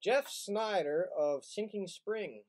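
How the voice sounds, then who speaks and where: A male host in easygoing comedic banter, with a voice pitched a touch higher than most men. He reads a listener's letter aloud and cracks dry jokes along the way. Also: takes it slowly, rough recording.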